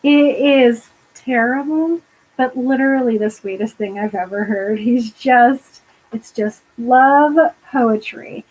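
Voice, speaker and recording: High-voiced woman, podcast co-host, animated casual recap. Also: takes it slowly, rough recording. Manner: animated, laughs often, quotes characters in passing. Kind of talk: casual chat recapping a film.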